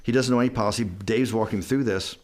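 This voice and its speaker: A man's voice: on the low side, fast. A middle-aged man telling a long anecdote in a documentary interview, acting out bits of dialogue and often restarting his sentences.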